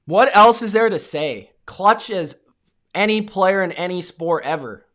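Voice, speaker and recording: A young American man hosting a live reaction stream of a football game, calling plays and yelling at big moments while talking to his chat. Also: sits high, measured pace. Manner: excitable, yells at big plays, talks to chat viewers.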